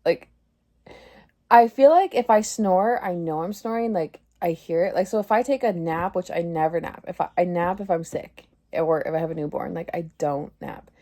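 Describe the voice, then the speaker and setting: Speaking at a moderate pace in a warm, lowish voice, a woman in her thirties vlogs casually and confessionally. The talk wanders, is packed with "like," and she keeps laughing at herself out of embarrassment.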